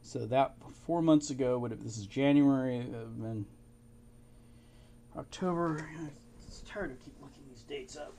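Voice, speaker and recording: A man casually talking through historical documents, musing and halting, with fillers and short laughs. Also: medium pitch, creaky, warm tone, a little hiss or hum. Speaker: amateur history researcher. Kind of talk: casual commentary reading documents.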